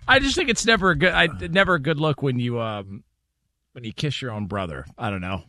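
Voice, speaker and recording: A man's voice: mid-range voice, lively intonation, sharp tone. A man co-hosting a sports radio show, making wry jokes and laughing easily in casual banter. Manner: wry, jokey, quick to laugh. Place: radio studio.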